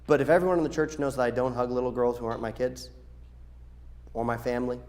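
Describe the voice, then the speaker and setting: A middle-aged man, a pastor, giving practical instructions to his church's children's workers in a lively, animated way, often acting out the voices of the people he quotes. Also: medium pitch, fast. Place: church sanctuary.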